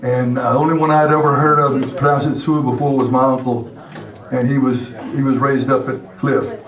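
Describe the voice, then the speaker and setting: An older man teaching a language class, speaking slowly and patiently and spelling words out letter by letter. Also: mid-range voice, little pitch movement. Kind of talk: classroom lesson. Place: classroom or meeting hall. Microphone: far camera. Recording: echoey hall from far off with murmuring class.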